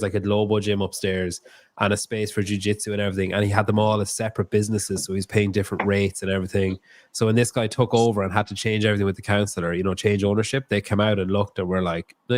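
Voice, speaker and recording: An Irish man hosting a podcast in casual chat, talking quickly in asides and laughing often. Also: fairly low pitch, darkish tone. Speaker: podcast host.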